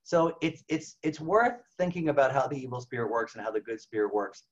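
A man's voice: medium pitch, lively intonation, fairly quick. A man, a priest, giving an informal spiritual talk, often checking in with "okay?" and "right?". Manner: conversational, frequent "okay?" and "right?" check-ins. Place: home over video call. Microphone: video call. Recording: slightly dull video call audio.

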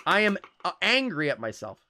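A young man streaming live gameplay, bursting into excitable, joking reactions peppered with swearing. His voice sits a little high and swings widely in pitch, with a bright, sharp edge. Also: fairly quick. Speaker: game streamer.

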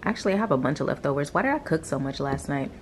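A woman's voice: low voice, racing, slight background noise. Chatty woman vlogging from her couch. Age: 30s. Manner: chatty and animated, addressing viewers directly. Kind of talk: casual vlog chat.

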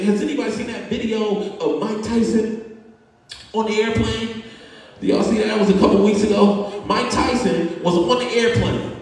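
Pastor, male, high-pitched, animated and humorous preaching; recorded off-mic in a very echoey hall. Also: normal speed, recorded from a distance. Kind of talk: sermon. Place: church sanctuary.

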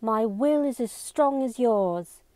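A woman's voice: mid-range voice, slow, dark tone, no echo, close to an everyday voice. A woman voicing an earnest, determined teenage girl who declaims rehearsed lines with growing intensity, in a storybook reading.

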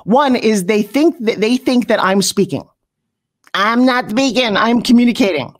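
A middle-aged woman coaching people on pitching in an interview, brash and punchy, often slipping into mocking voices. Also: lively intonation, moderate pace. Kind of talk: energetic motivational coaching talk.

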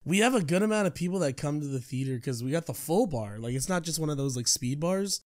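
A man's voice: a little high, animated, quick pace. A young man, joking and laughing often while co-hosting a podcast. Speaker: podcast co-host. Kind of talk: casual chat.

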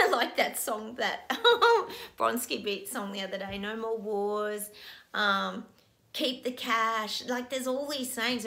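A woman's voice: on the high side, a bit bright. A middle-aged woman vlogging as a psychic, emotional and breathless, laughing often and near tears. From Australia. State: overwhelmed, teary. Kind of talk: casual video monologue.

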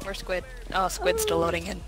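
A man's voice: high voice, huge pitch swings, normal speed. A man in game voice chat, teasing and laughing with the others. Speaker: teammate in voice chat.

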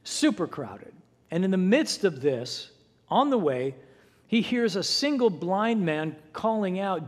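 A man's voice: high-pitched, big pitch swings, slow pace. A male pastor preaching a sermon, retelling a story dramatically and voicing the people in it. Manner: dramatic retelling with voiced quotes. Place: church sanctuary. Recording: long hall reverb.

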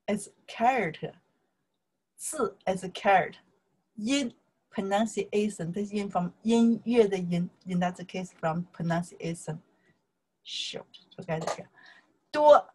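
Slow, patient woman teaching Chinese. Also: medium pitch. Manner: slow and patient, repeating words and tones, often checking with "okay" and "right". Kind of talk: slow casual language lesson.

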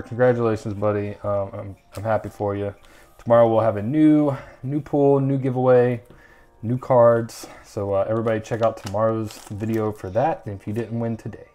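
A man's voice: medium pitch, dark tone. A young man hosting a casual card-opening video, chatting and rambling with lots of ums and uhs. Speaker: channel host opening trading card packs.

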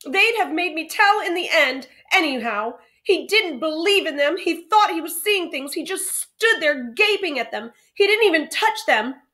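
A woman's voice: extremely high pitch, animated, normal speed, hardly any pauses, pushed and bright, pitched above the performer's own voice, exaggerated voice. A woman voicing a distraught young schoolboy who sounds tearful and strained.

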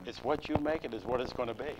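Older man, interview guest, steady, noisy tape. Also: mid-range voice, fast. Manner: plain, steady storytelling. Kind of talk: interview answers. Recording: noisy 2002 local cable recording.

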